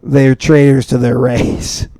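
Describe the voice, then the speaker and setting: A man's voice: mid-range voice, level tone, slow pace, vocal fry, warm tone, no room sound. A young man from the upper Midwest co-hosting a podcast, rambling in a mock-serious, swearing comedic chat. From upper Midwest of the United States. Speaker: podcast co-host.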